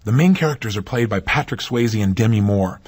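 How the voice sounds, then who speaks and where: Fast-talking husky motivational speaker man. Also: lowish voice, expressive, a little mellow. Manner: emphatic, asks the listener rhetorical questions. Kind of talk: motivational talk.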